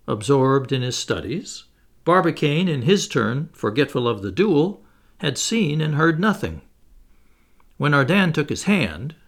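Male narrator for a classic adventure audiobook; gravelly texture, lively melodic delivery, pitches up for dialogue. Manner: lively reading, raises pitch for quoted characters. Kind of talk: audiobook reading of a classic novel.

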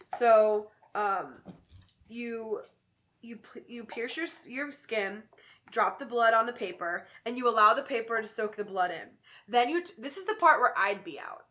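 At a measured pace, a woman with a fairly high, fairly bright voice co-hosts a podcast in casual conversation. She jokes as she walks listeners through a spooky game step by step, explaining at length.

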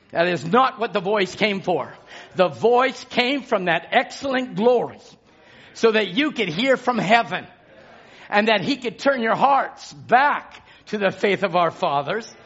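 A man's voice: high-pitched, sing-song, takes it slowly, a bit bright, husky, muffled recording. A man preaching a sermon with passion, his intensity rising and falling as he exhorts the congregation.

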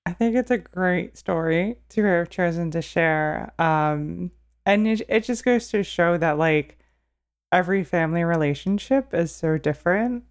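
Woman podcast host, calm and thoughtful. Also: fairly low pitch, unhurried. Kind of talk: interview conversation.

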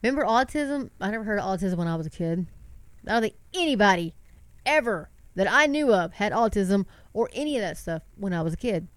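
A woman's voice: mid-range voice, animated, a little fast, dry recording. Impassioned middle-aged woman with a sinus cold. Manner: impassioned, talks to her viewers as "folks", rhetorical questions. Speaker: online commentary host. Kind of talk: preachy casual commentary, reading news aloud.

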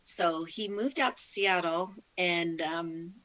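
A woman's voice: lowish voice, slow, fairly bright tone, poor audio. A middle-aged woman, a guest in an interview, telling a heartfelt faith testimony with frequent restarts. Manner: heartfelt storytelling with many restarts.

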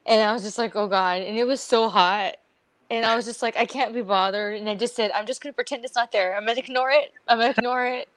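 A woman's voice: medium pitch, fast talker, no echo. Chatty woman telling a story. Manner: animated storytelling, acting out quotes, laughing often. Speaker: podcast co-host. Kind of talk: casual chat.

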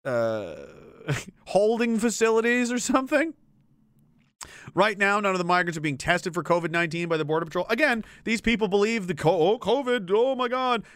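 A man's voice: high voice, a bit bright, no room sound. A man giving ranting political commentary, sarcastic and exasperated, with swearing.

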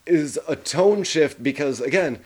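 A man's voice: a little high, lively intonation, a little slow, darkish tone. Casual man reviewing a film. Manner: profane, hesitant with fillers. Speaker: podcast co-host. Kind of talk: casual movie review chat.

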